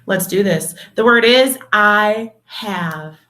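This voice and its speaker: A woman teaching a video lesson to young children, speaking in a slow, encouraging, sing-song way and calling them her dears and superstars. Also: mid-range voice, fairly bright tone. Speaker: kindergarten teacher.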